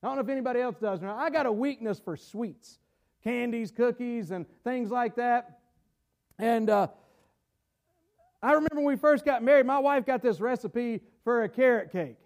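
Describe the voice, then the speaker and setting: High-voiced preacher. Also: male voice, moderate pace. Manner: stumbles and repeats words, rising to shouts for emphasis. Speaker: pastor. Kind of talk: sermon. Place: church sanctuary. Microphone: camera-recorded.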